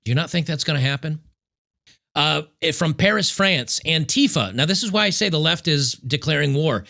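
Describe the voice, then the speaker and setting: A man hosting political commentary, reacting to news clips in an emphatic, sarcastic way and repeating key points slowly. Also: on the high side, expressive, creaky, sharp tone.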